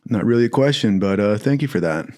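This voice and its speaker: A man's voice: lively intonation, fast. Profane laughing man telling stories. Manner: profane, laughing, acts out quotes in higher voice. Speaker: podcast storyteller. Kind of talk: casual storytelling.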